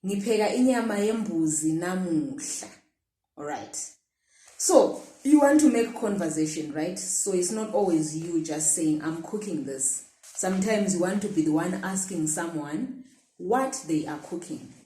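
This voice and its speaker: A woman's voice: on the low side, animated, measured pace, warm tone. A woman teaching a language lesson, patiently repeating phrases and modelling the question intonation. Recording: echoey room.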